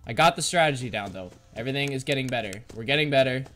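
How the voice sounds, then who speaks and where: A man's voice: medium pitch, racing, a bit bright, soft background music. A man doing let's-play commentary, frantic and swearing as he barks orders at the game. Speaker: gamer.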